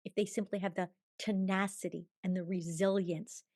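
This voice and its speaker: A woman guest telling a personal spiritual story in long, tumbling sentences, swinging from hushed murmurs to bright exclamations. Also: mid-range voice, little pitch movement, normal speed, no echo, studio quality. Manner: chatty, tumbling run-on sentences. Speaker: podcast guest.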